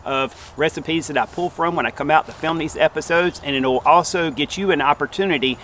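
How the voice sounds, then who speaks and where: A man's voice: a little high, brisk, fairly bright tone, slight background noise. A man hosting a casual outdoor camp cooking show, talking to viewers in a folksy, friendly way while outdoors in the woods.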